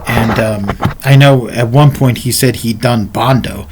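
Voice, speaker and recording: A man's voice: mid-range voice, unhurried, noisy background. A man telling a personal story in a casual, rambling way, speaking to the viewer in asides, as a martial arts instructor.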